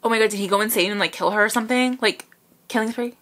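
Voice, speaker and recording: A young woman hosting a music video reaction, gushing with excited squeals and gasps as loud music plays behind her. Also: mid-range voice, fast talker. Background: loud music video playing.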